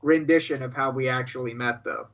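A man's voice: mid-range voice, steady tone, a little fast, a bit bright, highs cut off. A man co-hosting a podcast in casual banter, stammering and repeating words as he spins jokey tall tales. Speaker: podcast co-host. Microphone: headphones and studio mic.

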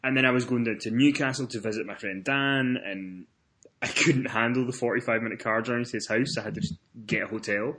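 His voice is mid-range, steady, a little fast and a bit bright. The Scottish host of a laid-back wrestling podcast tells stories conversationally, swears liberally, and acts out others' words.

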